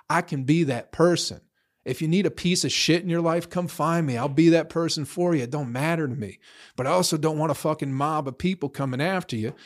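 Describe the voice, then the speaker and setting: A man ranting to his social media followers in a heated, profane, rambling monologue. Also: a little high.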